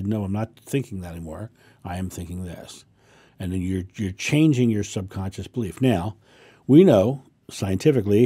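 Husky, mellow-voiced man teaching calmly. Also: on the low side. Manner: calm, explanatory, repeats affirmations. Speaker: spiritual teacher. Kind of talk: answering a viewer question, casual monologue.

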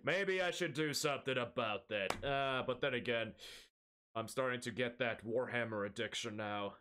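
A man's voice: mid-range voice, moderate pace, noisy background. A young man streaming a game, chatting casually, rambling and laughing often, joking at his own expense, wired on an energy drink.

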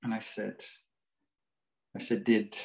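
A man lectures as a psychologist, telling stories with humor. His pitch sits in the middle but rises and falls a lot, which makes him sound lively. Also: moderate pace, poor audio. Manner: animated, joking storyteller. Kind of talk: storytelling lecture.

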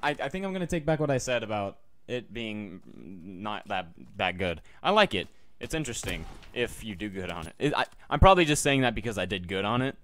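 A young gaming YouTuber's voice is on the low side yet sing-song, brisk and fairly bright as he comments live on his gameplay. Casual throughout, he jokes, mutters to himself and viewers, and gives sudden yelps.

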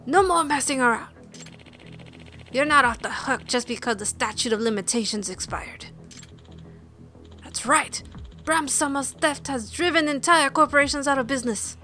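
A woman's voice: high voice, normal speed, long pauses, pushed and bright, faint music behind. A woman playing a video game, reading the characters' lines aloud and slipping in muttered comments of her own. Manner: reads game text aloud with playful asides and mutters. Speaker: let's play streamer.

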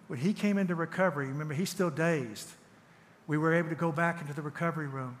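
A man giving a sermon in a church, emphatic, swinging from loud urging to hushed tenderness and repeating his phrases. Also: on the high side, fast talker. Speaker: church speaker. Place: church hall. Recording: echoey church hall with long reverb.

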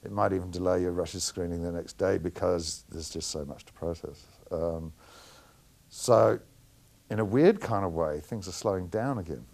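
A middle-aged New man speaks in a low voice with a gravelly edge. He answers interview questions as a film editor, frank and full of anecdotes. He often lets out a chuckle. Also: moderate pace, darkish tone.

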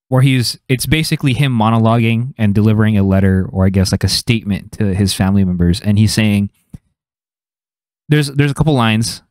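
A man's voice: lowish voice, dry recording, studio quality. A young man hosting a podcast, chatting casually and thinking aloud as he goes. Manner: thinking aloud, loose and rambling. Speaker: podcast host.

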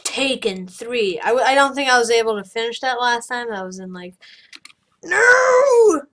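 A woman giving casual let's-play commentary, excitable, crying out loudly at every mishap and then muttering quietly. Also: fairly high pitch, brisk. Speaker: gameplay commentator.

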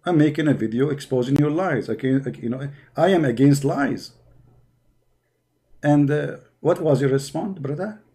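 High-pitched man, mocking reaction commentary. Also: normal speed, dark tone. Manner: mocking, sarcastic. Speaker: host. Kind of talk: reaction commentary on a debate clip.

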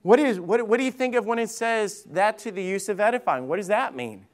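Male pastor, high-pitched, casual storytelling sermon with emphatic peaks. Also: expressive, brisk. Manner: chatty storytelling with jokes, rising to emphatic preaching. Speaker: lead pastor. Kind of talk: conversational Bible-study sermon.

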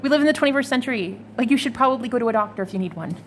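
A woman's voice: fairly high pitch, animated, rapid-fire, a little hiss or hum. A woman giving a casual, chatty tarot reading to her viewers, swearing freely and laughing now and then. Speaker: tarot reader.

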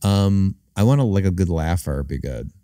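A man talking casually as a podcast guest, halting and restarting a lot, sometimes slipping into funny voices. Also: sits low, lively intonation, warm tone, no room sound, clean studio sound. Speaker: comedian guest.

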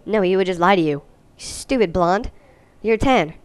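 A young woman giving goofy, jokey gameplay commentary, now and then breaking into silly high-pitched voices. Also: animated, normal speed, clean tone. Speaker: let's play host.

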